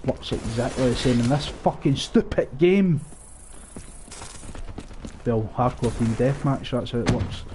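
A man's voice: medium pitch, expressive, a little slow, pauses often, noisy background. A young man giving sarcastic, sweary commentary while playing a shooter at home on a headset. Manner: sweary, sarcastic, laughing often. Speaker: gaming streamer. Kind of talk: casual gameplay commentary.

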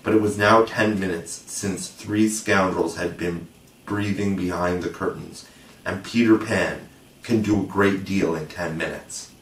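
A man narrating a storybook aloud with expressive, measured delivery, recorded with a roomy, distant mic. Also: low-pitched. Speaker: audiobook narrator. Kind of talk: storybook reading.

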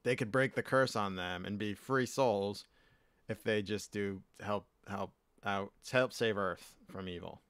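A man's voice: fairly low pitch, steady tone, measured pace, a bit bright, clean tone, no room sound. A man co-hosting a podcast, joking and laughing as he chats casually. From US East Coast. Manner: jokey, laughs often, does silly voices. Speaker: podcast co-host.

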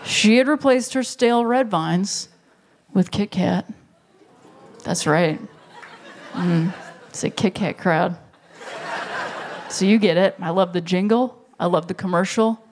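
A stand-up comic in their thirties telling a long story on a live stage, briefly acting out the people in it with quick voices. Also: medium pitch, a little hiss or hum. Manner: storytelling, acts out characters in quick bursts. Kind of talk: stand-up comedy set. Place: live stage before an audience. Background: audience laughter.

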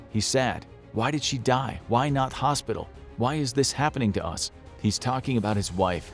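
A man's voice: on the low side, darkish tone. A man narrating a scripted documentary in a grave, dramatic storytelling manner.

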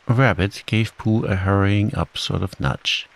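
Man, calm bedtime story narration, soothing, low gravelly voice, very slow. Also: low-quality recording. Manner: soothing and unhurried. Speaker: audiobook narrator.

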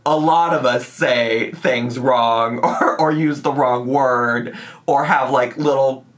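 A man's voice: mid-range voice, steady tone, slow, a bit bright. A man talking casually as a reaction video host, rambling with lots of fillers and frequent laughs. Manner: chatty, rambling, laughs often, many "like" and "right?". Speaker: commentary YouTuber.

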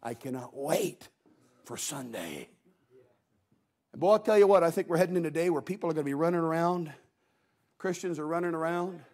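A middle-aged man preaching a Sunday evening sermon in a folksy, animated way, acting out quotes as he tells the story. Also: on the high side, quick pace. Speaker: guest preacher.

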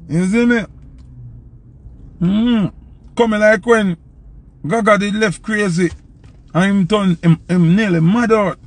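A young man with a Jamaican accent, a selector telling a loose, animated story in patois and acting out the quotes. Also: sits high, slow pace, long pauses, slight background noise. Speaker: dancehall selector. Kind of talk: casual storytelling.

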